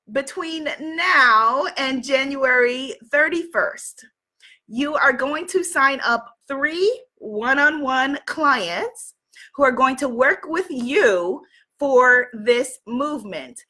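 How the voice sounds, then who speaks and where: High bright effusive woman coach. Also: lively intonation, takes it slowly. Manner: effusive, cheering repeated yeses. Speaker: spiritual coach and host. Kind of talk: motivational video talk, reading messages aloud.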